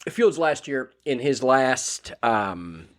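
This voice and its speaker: A man co-hosting a relaxed fantasy football podcast, mid-pitched and unpolished. He rambles through his points with plenty of repeated words and false starts. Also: slow pace. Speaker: podcast co-host. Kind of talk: casual fantasy football chat.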